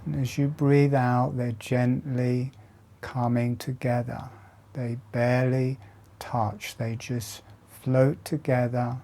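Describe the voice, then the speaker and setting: A man slowly guiding a breathing meditation with soft, calm instructions and long pauses. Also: medium pitch. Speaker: breathwork teacher. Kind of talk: guided meditation.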